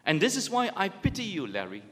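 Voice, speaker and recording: A man's voice: huge pitch swings, brisk, bright, forceful tone. A man preaching a sermon, emphatic and full of rhetorical questions. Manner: emphatic, rhetorical questions, rises and drops in pitch. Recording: long hall reverb.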